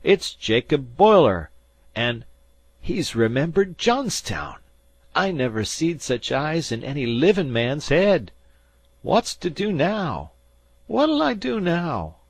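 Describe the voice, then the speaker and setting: A man's voice: fairly high pitch, sing-song, a little slow, vocal fry, voice pushed up, exaggerated voice. A man voicing a fretful old sea farmer who talks in a rustic dialect. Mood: frantic.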